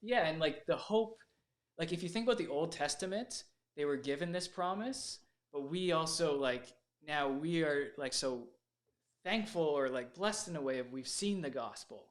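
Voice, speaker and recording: A man in a casual faith discussion, talking hesitantly and thinking aloud. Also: fairly high pitch. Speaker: participant in a church discussion.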